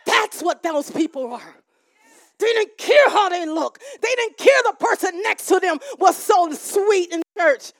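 A woman minister preaching a sermon, shouting and calling for responses from the congregation. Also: extremely high pitch, expressive, measured pace, no room sound, studio quality.

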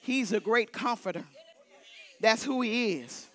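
Woman preacher, exuberant sermon, repeats calls to the congregation, bright tone. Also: fairly high pitch, unhurried. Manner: emphatic, repetitive exhortations. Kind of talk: lively sermon with holy laughter. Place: church sanctuary.

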